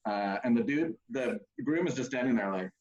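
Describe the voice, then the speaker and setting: A man's voice: normal speed, muffled recording. A man, a pastor, telling a funny wedding story in casual chat, acting out the people in it. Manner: animated, acts out characters in high voices.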